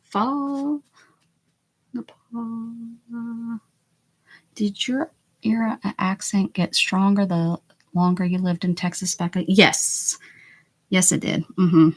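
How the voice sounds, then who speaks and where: A woman's voice: lowish voice, steady tone, a little slow. A woman with a northern US accent hosting a craft livestream, chatting casually while she paints, muttering and whispering asides to herself and answering viewer chat.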